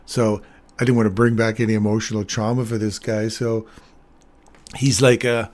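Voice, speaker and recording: A man's voice: mid-range voice, little pitch movement, moderate pace, a little mellow. A man hosting a livestream, casually telling rambling anecdotes with chuckles and plenty of fillers. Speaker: trading livestream host.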